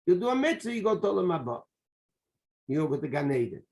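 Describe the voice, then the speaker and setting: A high-pitched man lectures as a rabbi in a Torah class. He talks with energy, circles back to repeat his main points, and mixes Hebrew and Yiddish terms into his English. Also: fast talker, gravelly. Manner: animated, repeats key phrases, sprinkles Hebrew and Yiddish terms. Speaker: rabbi teaching a Tanya class.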